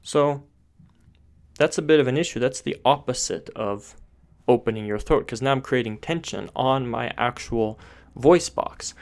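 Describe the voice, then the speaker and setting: With a medium pitch, a touch of vocal fry and a slightly slow pace, this man teaches how to sing. He explains step by step, restarting sentences as he thinks aloud, and points with his hands to parts of his throat and face.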